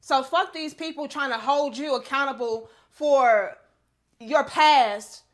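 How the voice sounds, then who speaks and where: A woman's voice: high-pitched, slow. A young adult woman co-hosting a heated casual chat, blunt and profane as she defends a friend.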